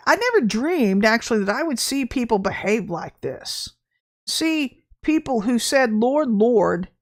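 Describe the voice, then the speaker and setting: A woman from Texas giving an impassioned, blunt spiritual talk to the camera, emphatic and laughing between points. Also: fairly high pitch. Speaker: Christian ministry speaker.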